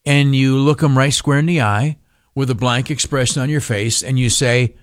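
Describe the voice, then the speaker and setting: A man's voice: medium pitch, moderate pace. A man hosting a talk radio show, delivering a casual opinion monologue in a rambling, sarcastic way with plenty of fillers and restarts.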